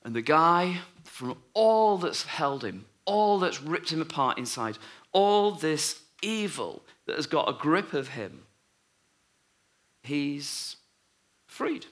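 Man, sermon, slow measured delivery, bright tone, storytelling with hushed moments. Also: fairly high pitch, sing-song. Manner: storytelling, acting out voices and dropping to a hush. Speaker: preacher.

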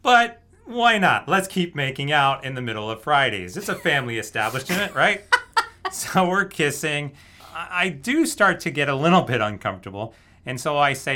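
Animated man telling a story. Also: a little high, moderate pace. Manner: animated storyteller who laughs often. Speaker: guest telling a dating story. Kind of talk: casual anecdote.

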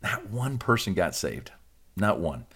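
A man's voice: sits low, sing-song, unhurried, fairly bright tone, slightly rough. A man, a pastor hosting a podcast, chatting casually and joking with his co-host, often laughing. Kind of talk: casual chat.

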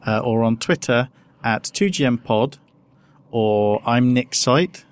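A man's voice: medium pitch, slow pace. A man co-hosting a casual podcast, talking in a hesitant, rambling way full of restarts. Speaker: podcast co-host. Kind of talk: casual chat.

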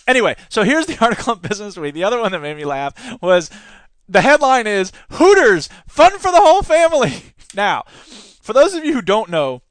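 A man's voice: high-pitched, very animated, a little fast, fairly bright tone, dry recording. A man hosting a podcast, giving casual, sarcastic commentary and laughing often as he talks. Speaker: podcast host; teacher.

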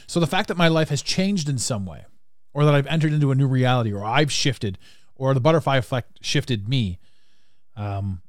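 A man hosting a podcast, answering a listener voicemail in a rambling, animated way and laughing often. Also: mid-range voice, no room sound, studio quality. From Canada. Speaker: podcast host. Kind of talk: casual podcast monologue.

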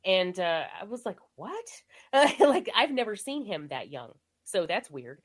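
Speaking in an unhurried, sing-song way at medium pitch, a woman co-hosts a relaxed movie podcast. She's on the mend from an illness, and her talk wanders, thick with fillers and laughter.

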